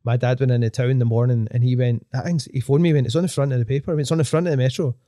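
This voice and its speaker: A man's voice: medium pitch, fairly even intonation, racing, warm tone, no echo, studio quality. A middle-aged man with a Glaswegian accent, telling stories in a rambling way, full of restarts and swearing. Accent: Glaswegian Scottish. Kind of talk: casual podcast chat.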